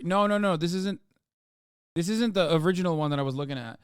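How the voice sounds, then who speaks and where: A man in his thirties streaming live, reacting to posts with profane, mocking commentary that swings from loud outrage to mumbled asides. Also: high-pitched, a little fast, clean tone, no echo, clean studio sound.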